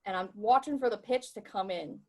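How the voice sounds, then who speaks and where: A woman with a Rhode Island accent, co-hosting a podcast and telling stories in a lively, wry way. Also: medium pitch, fairly quick. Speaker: podcast co-host. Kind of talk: casual chat.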